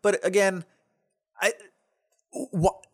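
A man's voice: high voice, extremely slow, creaky, no room sound, studio quality. A man co-hosting a podcast in casual chat, animatedly retelling scenes. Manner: animated retelling with playful quoted voices. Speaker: podcast co-host.

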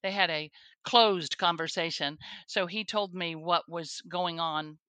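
A woman's voice: lowish voice, a little slow, a bit bright, clean tone, no echo. A woman, a guest on a faith show, telling her own story earnestly, with restarts and the odd laugh. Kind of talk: personal testimony interview.

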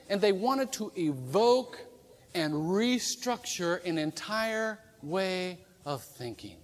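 Male pastor, high and very expressive, jokey storytelling sermon, echoing sanctuary. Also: a little slow, slight background noise. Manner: animated and humorous, acting out quoted voices. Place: church sanctuary. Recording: reverberant church hall.

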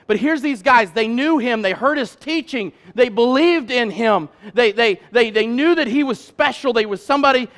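A pastor with a high voice delivers a sermon in a loose, conversational way, working up to loud, emphatic peaks.

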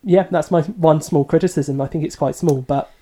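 A man's voice: on the high side, fairly even intonation, normal speed, dark tone. A man co-hosting a podcast, giving thoughtful, hedging opinions in a casual book discussion. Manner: thoughtful, hedging, self-deprecating. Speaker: podcast co-host.

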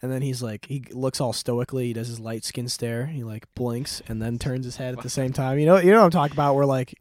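A man's voice: mid-range voice, fairly even intonation, fast talker, dry recording, studio quality. A man casually retelling a plot in a rambling way, laughing often and swearing freely. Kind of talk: casual chat.

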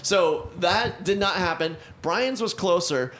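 Animated young man telling a story. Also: sits high, slow pace. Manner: animated storyteller, acts out the people in his stories. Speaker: podcast co-host. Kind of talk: casual chat, storytelling.

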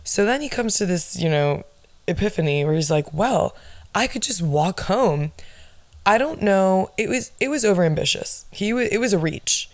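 A woman's voice: mid-range voice, animated, normal speed, no room sound. A woman, hosting a casual podcast and telling a story in a chatty, profane way full of "like". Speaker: podcast host. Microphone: phone with pop filter.

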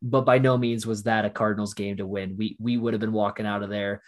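A man co-hosting a casual sports talk show, telling an emotional fan story with animated bursts, his voice still recovering from shouting. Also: on the low side, brisk. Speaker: podcast co-host.

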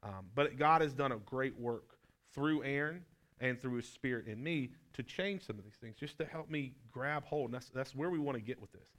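A man's voice: mid-range voice, normal speed, a bit bright. A male pastor leading a conversational sermon with his wife, joking, self-deprecating and asking her questions. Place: church room with a group.

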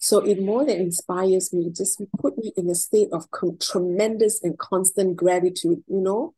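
A woman's voice: on the low side, steady tone, normal speed, few pauses, warm tone, slightly rough, poor audio. A middle-aged woman being interviewed, telling heartfelt personal stories in an emotional, effusive way and repeating words when she is moved.

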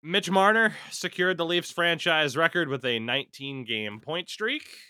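Male host, casual sports chat: very bright, animated delivery, dry close sound, profane. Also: a little high, measured pace, smooth, dry recording. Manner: reads out hockey news, swears freely. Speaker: podcast host.

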